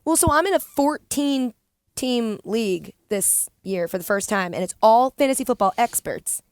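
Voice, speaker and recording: A woman's voice: a little high, animated, smooth, dry recording. Chatty woman hosting a podcast. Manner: chatty, self-deprecating, quick asides. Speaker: podcast host. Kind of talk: casual podcast chat.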